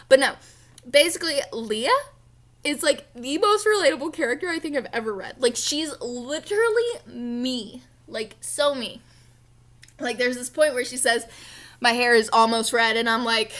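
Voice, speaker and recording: A woman's voice: high-pitched, moderate pace, a bit bright. A young woman chatting casually about books she read, gushing and playful, with lots of fillers. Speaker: book vlogger. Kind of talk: casual book review chat.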